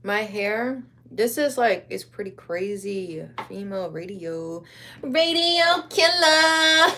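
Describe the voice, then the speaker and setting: A woman's voice: medium pitch, fairly even intonation, takes it slowly. A young woman from Wisconsin chatting casually on a livestream while she crafts, rambling in slang.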